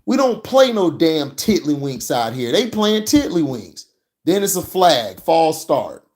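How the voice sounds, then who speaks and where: Man with a higher voice, slow deliberate delivery, fired-up profane football rant. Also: sing-song, darkish tone. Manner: heated, profane, mocking. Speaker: sports commentary vlogger. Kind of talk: ranting football reaction commentary.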